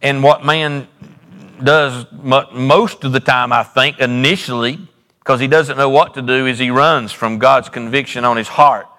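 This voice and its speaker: A man's voice: medium pitch, fairly even intonation, measured pace, sharp tone, big-room sound. A male pastor delivering a sermon in a church, preaching with repetition and sudden rises and drops in his voice. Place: church sanctuary.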